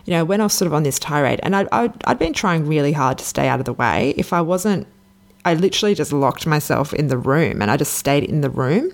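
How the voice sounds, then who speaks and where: A woman's voice: low voice, expressive, brisk. An Australian woman from Sydney hosting a solo podcast, telling a personal story in a candid, chatty way that drifts off track. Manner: candid, chatty, prone to digressions. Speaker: podcast host.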